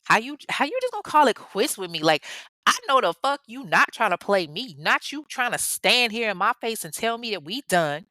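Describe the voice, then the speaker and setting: A woman's voice: mid-range voice, lively intonation, bright, forceful tone, clear, resonant tone, dry recording, studio quality. A woman voicing a jilted teenage girl who curses and snaps indignantly. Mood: furious. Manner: indignant, cursing, fast. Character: hot-tempered teenage girl, jilted and vengeful.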